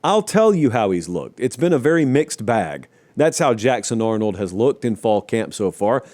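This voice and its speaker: A man's voice: medium pitch, very animated, normal speed, a little mellow. A man hosting a sports talk show, giving opinionated, conversational commentary with wry asides to his producers.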